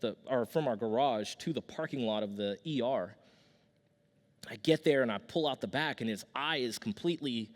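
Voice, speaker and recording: A man's voice: medium pitch, moderate pace. A man in his thirties preaching a sermon as pastor, telling stories conversationally with restarts and a casual "y'all". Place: church sanctuary with long reverb. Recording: long hall reverb from a church.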